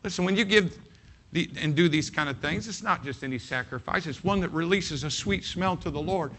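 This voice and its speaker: A man's voice: a little high, a little fast, a bit bright. A man preaching a sermon as pastor, emphatic and folksy, often repeating his phrases.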